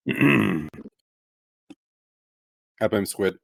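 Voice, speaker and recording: A man's voice: on the low side, expressive, drawn-out words, vocal fry, no room sound. A man joining a game stream as a guest, throwing in dry teasing remarks. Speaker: co-host guest. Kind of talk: casual let's-play chat.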